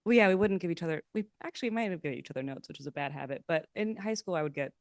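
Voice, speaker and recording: Chatty young woman, smooth and dry. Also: on the low side, very fast, no echo. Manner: chatty, self-mocking, animated quotes. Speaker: podcast guest, improviser. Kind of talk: casual chat.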